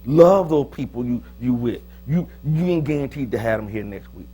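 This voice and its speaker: A pastor preaching a sermon in a joking, lively manner, with sudden loud, high bursts. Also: male voice, normal speed. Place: church.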